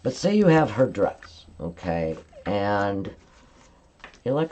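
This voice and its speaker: Low, mellow woman teaching a craft live. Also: big pitch swings, takes it slowly, husky, lo-fi sound. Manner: chatty step-by-step instruction, frequent "okay?" check-ins. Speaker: card-making demonstrator. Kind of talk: live-stream craft tutorial.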